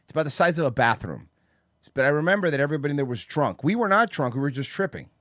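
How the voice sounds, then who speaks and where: A man hosting a podcast who tells stories with animation and acts out other people's shouts in casual chat. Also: on the high side, lively intonation, racing, no room sound, studio quality. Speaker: podcast host. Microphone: studio microphone.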